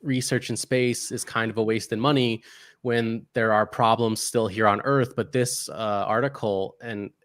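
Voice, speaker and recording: A man's voice: on the low side, fairly even intonation, a little slow, a bit bright, dry recording. Dry-sounding man hosting a science chat. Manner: hesitant, many fillers, reads out article text. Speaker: podcast host. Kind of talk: casual science news chat.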